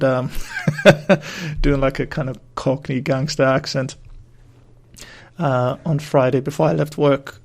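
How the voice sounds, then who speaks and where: A man's voice: medium pitch, gravelly. A man hosting his own podcast, chatting in a rambling, casual way and swearing freely. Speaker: podcast host. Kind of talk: casual solo podcast chat.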